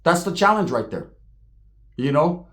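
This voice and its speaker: A man's voice: on the high side, very animated, a little slow. A man hosting his online show, ranting straight at the camera in profane, slangy street talk. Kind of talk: heated direct-to-camera rant.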